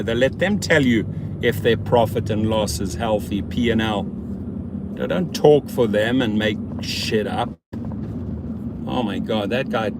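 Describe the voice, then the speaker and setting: A man streaming live from his car as a rideshare driver. He is tired and yawning, chats animatedly and greets viewers by name. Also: lowish voice. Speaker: rideshare driver hosting a livestream. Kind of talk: live-stream chat while driving. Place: inside a car on city streets at night. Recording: road and traffic noise.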